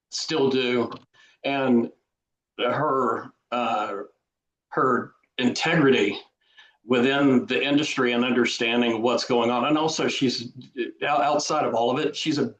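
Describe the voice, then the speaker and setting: A man with a Southern drawl, a guest author talking casually in an interview, slow and full of restarts. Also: mid-range voice. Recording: roomy echo.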